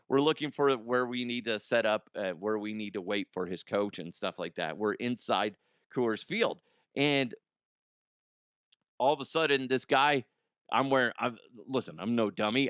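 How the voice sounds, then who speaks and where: A middle-aged man, congested from allergies, hosts a podcast with a rambling, profane comedic monologue and laughs at his own jokes. His voice is on the high side and fairly bright, in clean studio sound with no room sound.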